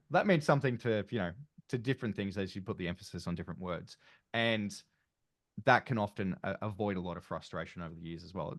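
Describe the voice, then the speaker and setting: An Australian man hosts a casual online panel, his voice sitting fairly low. He talks in a loose, rambling way full of fillers and restarts. The sound is dry and close, as on a video call. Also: dry recording. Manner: chatty, rambling with many fillers. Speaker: panel host.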